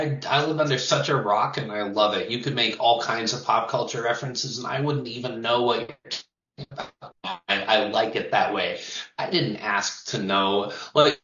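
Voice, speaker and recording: A man's voice: mid-range voice, sharp tone, reverberant, distant mic, dull audio. A man who sings in a touring metal band, chatting loosely in an interview, swearing and laughing as he talks. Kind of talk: casual interview chat.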